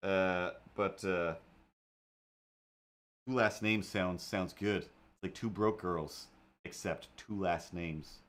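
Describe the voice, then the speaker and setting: A man's voice: sits low, steady tone, takes it slowly, pauses often, a bit bright. A man hosting a casual drawing livestream, talking in a rambling, jokey way with lots of fillers and asides. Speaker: livestream host and artist.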